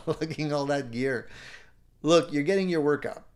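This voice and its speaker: A man's voice: a little high, a little slow, a little mellow. Upbeat middle-aged man hosting a live stream. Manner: upbeat, encouraging, chuckles often. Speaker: live show host. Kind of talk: casual live-stream chat reading viewer comments.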